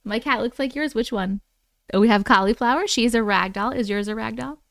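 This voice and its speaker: Brisk and a little high-pitched, this Oklahoma-accented streamer reads viewer messages and vents with animated exasperation, cursing and laughing frequently on her casual livestream. The audio is studio quality, with no room sound.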